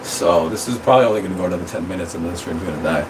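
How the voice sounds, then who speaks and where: A man hosting a casual livestream, talking into his phone in a rambling, excitable way with plenty of swearing. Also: deep voice, very fast, noisy background. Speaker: streamer.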